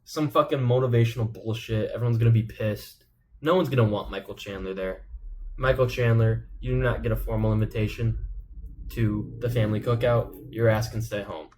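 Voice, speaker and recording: A man's voice: fairly low pitch, fairly even intonation, brisk, a little mellow, slight background noise. A man giving rambling, profane, joking commentary as a channel host. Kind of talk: casual comedic commentary.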